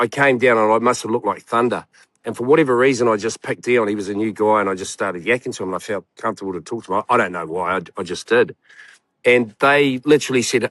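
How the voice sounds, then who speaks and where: A man's voice: lowish voice, fairly bright tone, no room sound. Rambling New man, dry sound. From New Zealand. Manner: rambling, swearing storyteller full of fillers. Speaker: guest. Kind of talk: casual chat.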